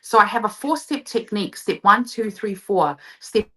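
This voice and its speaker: A woman's voice: medium pitch, expressive, normal speed, a bit bright. A woman who is a vocal coach and singer, explaining her method in a live interview and breaking into short sung demonstrations. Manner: enthusiastic explaining, sings short demo phrases.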